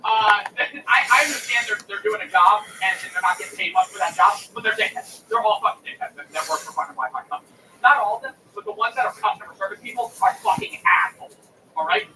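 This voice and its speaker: A man's voice: very high voice, lively intonation, a little fast, distant mic. A young adult man, a streamer, telling a heated, profane story to the camera with indignant complaints. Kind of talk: angry storytelling rant to camera. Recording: roomy, from off the mic, faint noise.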